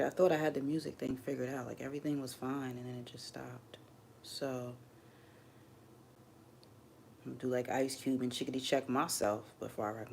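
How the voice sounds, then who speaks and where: A woman talks straight to her viewers on a home livestream, rambling and candid, letting her feelings show openly. Her voice has a gravelly, fry-touched edge. A faint background hiss sits under the streaming mic. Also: extremely low pitch, darkish tone. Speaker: livestream host. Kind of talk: casual livestream chat. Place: home streaming setup under bright lights.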